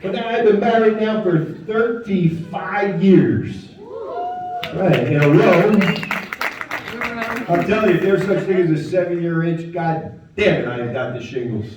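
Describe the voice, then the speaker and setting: A man in his fifties doing a stand-up comedy set in a lodge hall, delivering deadpan one-liners with quick asides. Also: high-pitched, background noise. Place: lodge hall with live audience. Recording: muffled, echoey hall, mic far off, crowd laughing.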